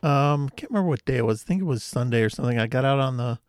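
A man co-hosting a podcast, chatting casually and telling an animated story, acting out quoted lines. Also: mid-range voice, rapid-fire, dry recording, studio quality. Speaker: podcast co-host. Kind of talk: casual chat.

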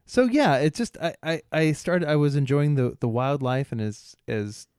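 A man co-hosting a podcast, telling a rambling story in casual chat, halting often, laughing, and imitating bystanders' voices. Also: fairly high pitch, darkish tone, clear, resonant tone, no echo, clean studio sound. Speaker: podcast co-host.

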